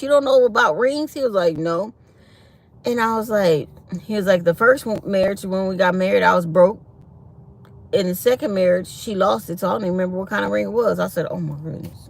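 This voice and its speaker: A woman vlogger telling a personal story in a casual, animated way, laughing often and quoting others. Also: medium pitch, fairly quick, creaky.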